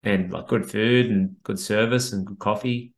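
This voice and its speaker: Laid-back low-voiced man. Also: fairly even intonation, normal speed. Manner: laid-back, hedging, lots of "like". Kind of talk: casual chat.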